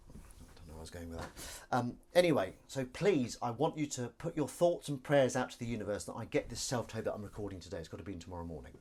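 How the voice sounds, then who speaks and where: A man's voice: lowish voice, expressive, quick pace, darkish tone, breathy edge. A man hosting a casual live stream from his kitchen sink, rambling chattily with self-mocking asides.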